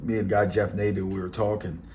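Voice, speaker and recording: Blunt Baltimore man, low streetwise voice. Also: little pitch movement, fairly quick, mellow, slight background noise. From Baltimore, Maryland. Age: 40s. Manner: blunt, streetwise, rambling with fillers and asides. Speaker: podcast host. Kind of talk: casual storytelling monologue.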